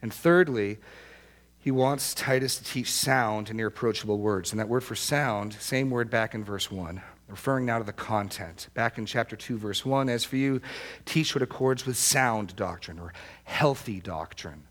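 A man's voice: fairly low pitch, moderate pace. A man preaching a sermon to a small church congregation, speaking in an earnest, emphatic way and repeating his key phrases for weight. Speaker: pastor.

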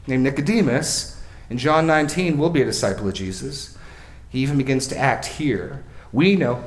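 A male pastor preaching an expository sermon, swinging from quiet, slow remarks to loud, emphatic readings and acted-out quotes. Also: mid-range voice, expressive, echoey room.

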